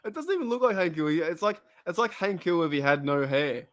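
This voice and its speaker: Giggly Australian man, fairly high voice. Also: animated, fairly quick, fairly bright tone. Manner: giggly, rambling, breaks into laughter. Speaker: streamer hosting a football watch party. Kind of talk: casual live-stream chat.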